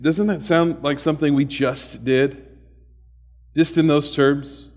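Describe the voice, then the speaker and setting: A man preaching a sermon as a pastor, animated and humorous, with sudden loud bursts and soft asides. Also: fairly high pitch, takes it slowly, in a large hall.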